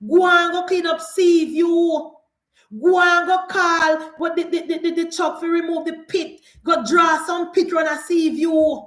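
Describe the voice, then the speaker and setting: A woman's voice: very high voice, little pitch movement, measured pace, fairly bright tone, roomy sound. A Jamaican woman delivering an impassioned political rant as a commentator, fiery and mocking, hammering her points with repeated rhetorical questions. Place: indoors, filming herself for social media.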